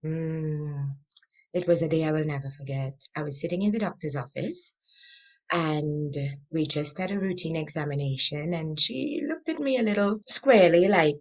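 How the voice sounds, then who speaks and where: Animated woman telling a story. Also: deep voice, moderate pace. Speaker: guest, transformational coach. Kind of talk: interview storytelling.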